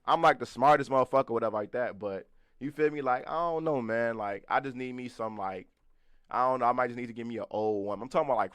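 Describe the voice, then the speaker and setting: A man's voice: medium pitch, fairly bright tone, no echo, studio quality. A man in his twenties co-hosting a podcast, chatting loosely and profanely, laughing often and talking to the live chat. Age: 20s. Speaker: podcast co-host. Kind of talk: casual chat.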